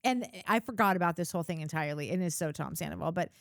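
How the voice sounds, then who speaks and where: A woman's voice: lowish voice, rapid-fire, gravelly, dry recording, studio quality. A woman co-hosting a podcast, chatting casually and rambling as she goes. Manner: rambling, many fillers and restarts. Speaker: podcast co-host. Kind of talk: casual chat.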